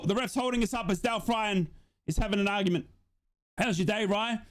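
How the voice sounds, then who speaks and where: A man's voice: high voice, brisk. A young man doing a live fan watch-along of a football match, chatting and reading out donations. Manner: chatty, reads out donations, yells at goals.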